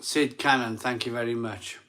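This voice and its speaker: A man's voice: medium pitch, fairly even intonation, moderate pace, bright, forceful tone. A man hosting a live stream, a bit drunk and tired, rambling and repeating himself as he reads out viewer messages. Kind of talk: casual live chat reading super chats.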